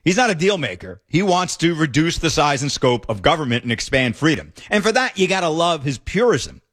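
A man hosting casual political commentary, emphatic and excited as he reacts to clips. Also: fairly high pitch, fairly quick. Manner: emphatic, excited, fond remarks.

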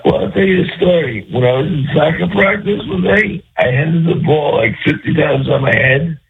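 A man's voice: a little high, normal speed, vocal fry, noisy background. A sleepy man calling into a radio show, rambling and losing track of his jokes. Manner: rambling, trails off, forgets punchlines. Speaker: caller. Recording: phone line.

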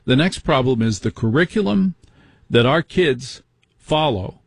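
A man's voice: medium pitch, animated, unhurried, breathy edge, dry recording. A middle-aged man hosting a talk radio show, ranting with indignant rhetorical questions.

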